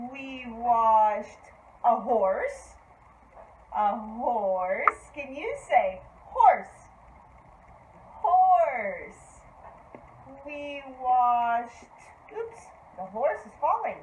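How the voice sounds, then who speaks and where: A woman teaching toddlers, speaking in a slow, exaggerated, encouraging way and repeating simple words for them to copy. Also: fairly high pitch, echoey room, dull audio, a little hiss or hum. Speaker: preschool teacher. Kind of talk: children's lesson.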